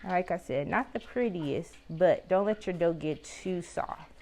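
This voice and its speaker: With a mellow, lowish voice and an unhurried pace, a woman runs her own cooking vlog, chatting away to viewers as she fries and tastes food. There's slight background noise.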